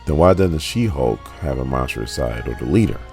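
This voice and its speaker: A man's voice: very deep voice, animated, normal speed, vocal fry, darkish tone, soft background music, full character voice. A man voicing the Hulk as a bitter, boastful brute who taunts Banner. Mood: taunting.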